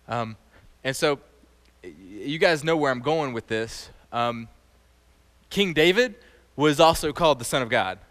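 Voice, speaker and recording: A man giving an animated, conversational sermon as a teacher, often quizzing his audience. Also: medium pitch, measured pace. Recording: long hall reverb.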